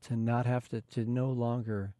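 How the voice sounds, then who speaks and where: A man's voice: medium pitch, little pitch movement, normal speed, mellow, dry recording. A man hosting a podcast, talking in an earnest, reflective way with plenty of "you know" fillers. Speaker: podcast host. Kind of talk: casual podcast conversation.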